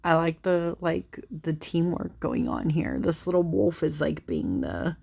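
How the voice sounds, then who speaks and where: A woman's voice: low voice, sing-song, unhurried, creaky, a little mellow. A young woman casually chatting through a deck of cards, rambling with lots of fillers, giggling, tired and yawning late at night. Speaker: tarot channel host. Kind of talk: casual chatty card flipthrough.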